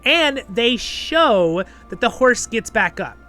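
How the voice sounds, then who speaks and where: Bright-voiced chatty male reviewer. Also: very high-pitched, big pitch swings, slow, faint music behind. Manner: chatty, keeps tagging "right?" and "okay?". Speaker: show host and reviewer. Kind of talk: casual episode review commentary.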